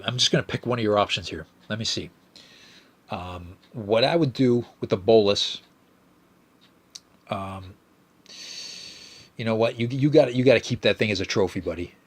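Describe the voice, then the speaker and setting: Low husky guy rambling thru listener messages, swears a lot, trips over his words. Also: fairly bright tone. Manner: profane, rambling, stammers and restarts. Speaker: podcast host. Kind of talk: casual solo podcast chat.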